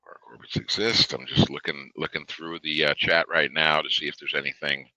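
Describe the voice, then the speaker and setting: A low-pitched man talks through a product webinar in an easygoing, chatty way, full of "uh" and "you know." His voice is bright and forward, and the sound is dry and close with no room echo. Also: level tone, normal speed. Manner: loose and conversational, many fillers. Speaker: webinar presenter. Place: home or office desk, reading a live chat.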